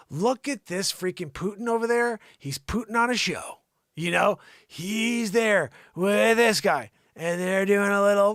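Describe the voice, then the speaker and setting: Riffing excitably on a live talk show, a man improvises comedy commentary that alternates between loud bursts and mumbled asides. He has a high, clean-toned voice, speaks a little slowly, and the studio sound is clean with no room sound.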